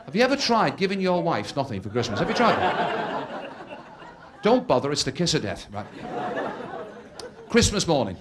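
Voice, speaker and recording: In this live stand-up set, a man speaks at a moderate pace with long pauses, his fairly high voice swinging widely in pitch. He acts out characters in shifting voices while telling stories, and the crowd laughs loudly in the background.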